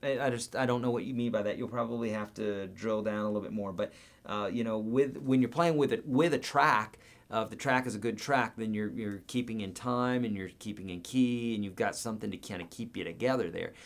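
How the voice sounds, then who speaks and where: A man's voice: on the low side, fairly quick. A man hosting a live guitar Q&A, chatting casually, reading viewer comments aloud and counting out beats and picking patterns.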